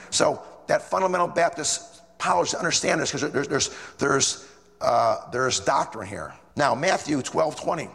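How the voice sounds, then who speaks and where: A man's voice: on the high side, moderate pace, gravelly, fairly bright tone. A man preaching a sermon, telling stories animatedly and reading King James verses aloud. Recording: long reverb of a large room.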